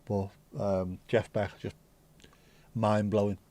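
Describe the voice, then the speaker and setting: A man's voice: on the low side, level tone, takes it slowly, mellow. Cheeky man chatting on a livestream. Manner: playful, cheeky, rambling banter. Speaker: livestream host. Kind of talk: casual livestream chat.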